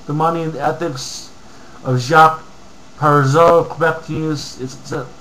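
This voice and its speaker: A man's voice: fairly high pitch, fairly even intonation, normal speed, pushed and bright, poor audio. A man from Canada ranting angrily on a home vlog, reading comments aloud with lots of profanity and mumbled asides. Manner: angry, profane, heated rant with mumbled asides. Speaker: vlogger.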